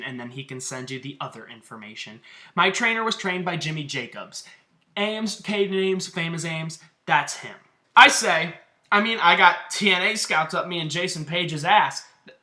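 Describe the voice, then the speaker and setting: A man's voice: fairly high pitch, pushed and bright. A man who wrestles, giving a profane, combative rant in a vlog about online feuds. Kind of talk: ranting vlog commentary.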